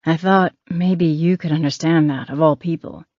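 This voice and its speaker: A man's voice: a little high, fairly even intonation, normal speed, no room sound, highs cut off, natural voice. A woman doing an earnest apologetic man.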